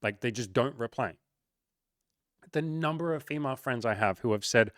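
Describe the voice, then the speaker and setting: A young man gives frank dating advice in a loose, animated monologue. He talks at a middling pitch and jumps into little impressions of the people he quotes. The sound is close and dry, with no room in it. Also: moderate pace, dry recording. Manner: candid, animated, acts out quoted voices. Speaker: dating coach. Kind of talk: casual monologue to camera.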